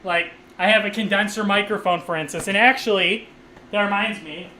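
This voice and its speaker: A man's voice: high-pitched, a little fast, pushed and bright, echoey room, slight background noise, low-quality recording. A man live streaming a game and chatting casually, rambling and swearing, laughing often, on a USB condenser microphone. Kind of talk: casual live stream chat while playing.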